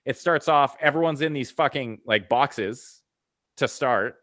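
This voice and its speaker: A man's voice: medium pitch, a little slow, fairly bright tone. A man co-hosting a podcast in loose, profane banter who laughs often and switches topics easily. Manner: swears a lot, laughs often. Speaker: podcast co-host.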